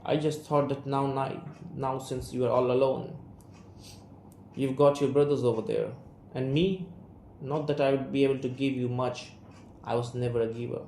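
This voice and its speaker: A man's voice: medium pitch, flat delivery, moderate pace, gravelly, mellow, close to an everyday voice. Chandan, a man reading a guarded son. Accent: Indian English. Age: young adult. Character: young man, guarded, estranged son and writer. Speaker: student reader. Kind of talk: reading an audio play aloud. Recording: roomy room, faint hiss.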